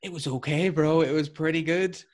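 A man's voice: a little high, fairly even intonation, normal speed. A man chatting casually, easygoing and half joking. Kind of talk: casual chat.

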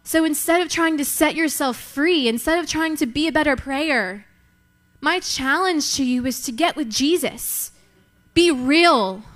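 Young woman preaching, pretty high voice, leans hard on repeated lines. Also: fairly bright tone. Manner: emphatic, repeating lines for effect. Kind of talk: sermon.

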